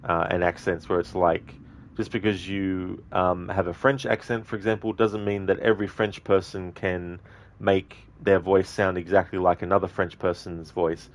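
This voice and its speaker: A man's voice: sits low, level tone, normal speed. An Australian man streaming a video game, chatting casually and rambling with many fillers. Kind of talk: casual commentary.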